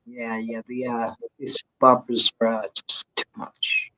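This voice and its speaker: A man's voice: mid-range voice, completely flat delivery, unhurried, bright, forceful tone, low-quality recording. A man in casual chat, agreeing readily and chuckling often.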